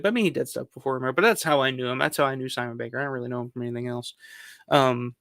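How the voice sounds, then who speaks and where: Brief: male host of a film countdown, rambling and loose, gravelly tone, mid pitch. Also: steady tone, racing, fairly bright tone, dry recording, clean studio sound. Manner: rambling, filler-heavy, swears casually. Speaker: film review channel host. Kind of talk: casual countdown commentary.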